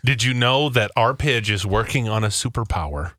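Casting: man, bright tone, dry close sound, earnest and patient explainer, casual podcast chat. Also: lowish voice, moderate pace, dry recording. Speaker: podcast co-host.

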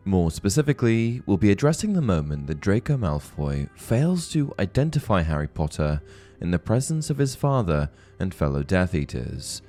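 A man with a deep, low voice narrates a scripted book-theory video in a measured way. His delivery rises and falls with lively emphasis, over faint background music. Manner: clear, measured storytelling with expressive emphasis. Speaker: host of a book-theory channel.

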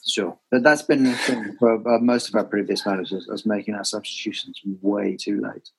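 A man co-hosting a football podcast in relaxed chat. He rambles through anecdotes and laughs along with them. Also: lowish voice, moderate pace, vocal fry, breathy edge, poor audio. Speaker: podcast co-host. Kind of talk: casual chat.

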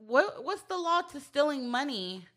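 Bright-voiced woman recapping a show. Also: high-pitched, very animated, a little slow. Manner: retells scenes by quoting characters. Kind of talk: casual chat recapping a show.

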